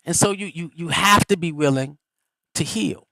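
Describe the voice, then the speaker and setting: A man's voice: a little high, gravelly, no room sound, rough recording. A middle-aged man hosting a live stream, giving a motivational teaching in a folksy, preacherly way. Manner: animated, preacherly, folksy and quick. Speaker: host.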